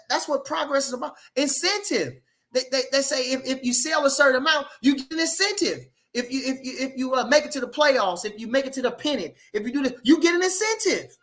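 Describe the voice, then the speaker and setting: A man's voice: high voice, sharp tone. Emphatic man talking boxing. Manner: emphatic, repeats phrases, fires rhetorical questions. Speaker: boxing commentator. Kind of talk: casual opinion talk.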